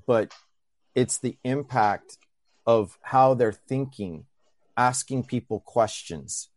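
A man's voice: medium pitch, takes it slowly, no room sound. A man speaking as a guest, earnestly reflecting on mindset and growth. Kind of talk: motivational talk.

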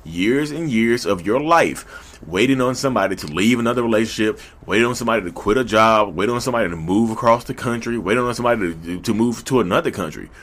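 A man's voice: fairly low pitch, fast. Male podcast host, Southern drawl, casual and repetitive delivery. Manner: animated, repetitive, talks to listeners directly. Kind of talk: casual monologue.

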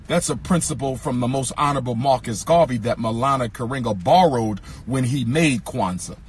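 A man giving an impassioned speech, repeating lines in an emphatic rhythm and sometimes singing or shouting phrases. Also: medium pitch, normal speed, a little hiss or hum. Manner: occasionally sings or shouts phrases. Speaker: speaker addressing an audience.

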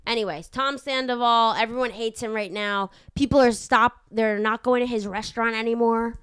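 A young woman hosts a podcast in loose casual chat, her voice smooth and clear. She talks in an animated, rambling way, swearing freely. The sound is dry and close on a studio microphone. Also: fairly high pitch, moderate pace, no room sound. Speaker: podcast host.

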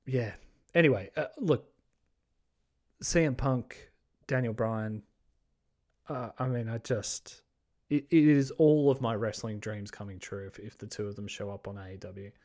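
An excitable man hosts a podcast on his own, his voice sitting at an ordinary middle pitch. He talks casually and fast to think, swearing freely and restarting his sentences with lots of ums and uhs. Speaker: podcast host. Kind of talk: casual solo podcast chat.

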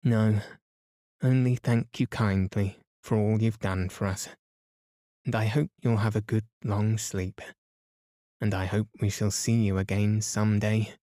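A man's voice: lowish voice, level tone, unhurried, dark tone, no echo, studio quality, lightly acted. A man voicing a kind, decisive elder girl in a storybook, speaking politely. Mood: grateful.

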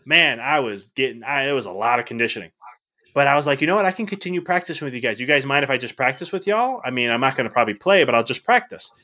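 Male guest, middle-aged, quick and bright, animated storyteller who acts out the dialogue. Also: mid-range voice. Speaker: podcast guest. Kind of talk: casual storytelling.

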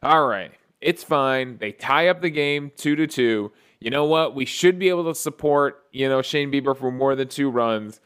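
Smooth-voiced man recapping a ballgame. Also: fairly high pitch. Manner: excited play-by-play storytelling with frequent restarts. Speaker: podcast host. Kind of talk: casual solo game recap.

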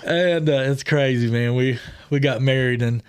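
A man's voice: medium pitch, moderate pace, clean tone. Chatty man telling a story in a studio. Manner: rambling, chatty, laughs often mid-story. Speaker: podcast guest in recovery. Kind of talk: casual personal storytelling.

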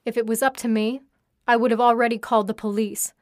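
A woman reading the part of a scornful, domineering young woman in a storybook, sharp and mocking, in a dry recording. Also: on the high side, level tone, fast, no room sound, close to an everyday voice.

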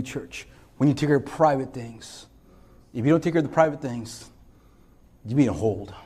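A man preaching a sermon as pastor, swinging between loud, emphatic calls and hushed storytelling, often repeating and restarting phrases. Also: mid-range voice.

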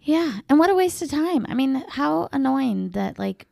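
A woman's voice: sits high, big pitch swings, normal speed, creaky, a little mellow, no echo, studio quality. A woman co-hosting a podcast, reacting with frequent short exclamations in casual chat. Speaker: podcast co-host.

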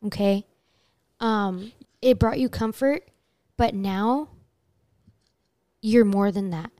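A woman's voice: mid-range voice, takes it slowly, warm tone, dry recording. A woman co-hosting a podcast, talking frankly in casual chat and swearing freely. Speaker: podcast co-host.

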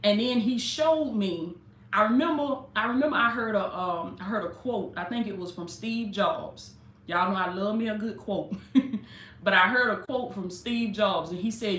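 In an echoey room with a faint hiss or hum, a female life coach and preacher leads a live-streamed sermon. Her medium-pitched voice is fairly bright and moves at a moderate pace. Fervent yet casual, she talks straight to her audience, a little wired on coffee.

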